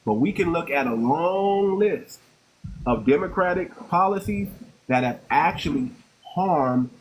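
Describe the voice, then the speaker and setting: A man's voice: a little high, expressive, unhurried, poor audio. A man hosting a live online group discussion, talking firmly and keeping control of the floor. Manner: firm, takes charge of the floor. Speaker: host.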